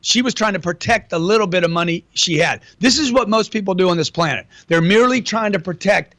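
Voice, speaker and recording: A middle-aged man talks in a brash, casual rush, full of slang and swearing, with man and dude in nearly every line. His voice sits a little high. The sound is dry and close. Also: fast, fairly bright tone, no echo. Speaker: interview guest. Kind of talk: casual interview talk.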